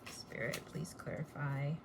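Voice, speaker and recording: A woman with a low-pitched voice talks through a tarot reading in a casual, blunt, chatty way. A faint background noise sits under the recording. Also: fairly even intonation, a little slow, creaky. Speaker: tarot reader.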